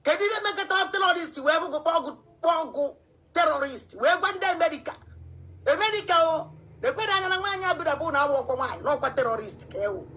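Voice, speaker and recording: A woman with a Nigerian accent ranting in animated commentary, switching between languages. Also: extremely high pitch, rapid-fire. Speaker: online commentator. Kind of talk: heated commentary rant.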